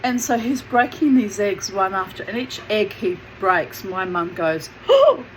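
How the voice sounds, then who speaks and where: Woman, storytelling, chatty, digressive, mid-pitched voice, faint hiss behind. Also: measured pace, fairly bright tone, low-quality recording. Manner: chatty, digressive, lots of fillers. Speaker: memoir narrator. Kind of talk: casual storytelling.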